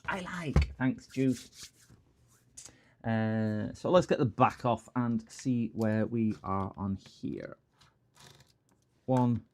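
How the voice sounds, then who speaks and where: A man's voice: on the low side, fairly even intonation, drawn-out words, long pauses. Chatty man streaming repairs. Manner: jokey, rambling, answers chat comments. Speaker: repair livestream host. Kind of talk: casual livestream chat while repairing.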